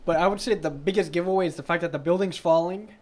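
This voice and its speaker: A young man co-hosting a podcast, chatting casually about a film, animated and joking, quick to push back. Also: high voice. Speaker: podcast co-host. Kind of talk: casual film review chat.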